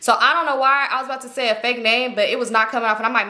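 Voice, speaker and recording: Young woman vlogger, casual storytime, profane, acts out quotes; tense bright voice. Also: a little high, fast talker.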